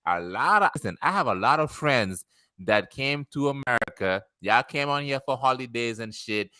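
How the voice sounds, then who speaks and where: A man's voice: mid-range voice, lively intonation, normal speed, bright, forceful tone, smooth, no echo. A man hosting a podcast, joking with slang and laughing a lot. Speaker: podcast host. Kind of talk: casual podcast chat.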